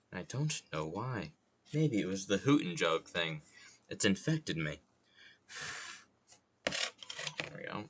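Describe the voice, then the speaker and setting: A man's voice: low-pitched, a bit bright, slight background noise. A man streaming while he carves wood, chatting casually, joking and muttering to himself with some mild swearing.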